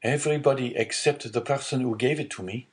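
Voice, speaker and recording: A man's voice: medium pitch, fairly quick, pitched above the performer's own voice, close to an everyday voice. A man voicing an honest, earnest young male sailor in an audiobook, sincere and eager.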